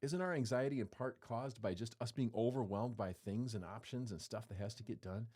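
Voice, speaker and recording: Low-voiced man preaching casually. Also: brisk, dark tone, slightly rough. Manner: conversational and playful, acting out quotes with shifting voice. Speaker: pastor. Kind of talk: sermon.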